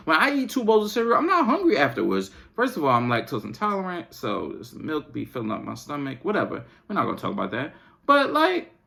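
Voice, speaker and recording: A man's voice: fairly high pitch, vocal fry, fairly bright tone. A man hosting a podcast, venting in a casual, exasperated, slangy rant. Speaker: podcast host.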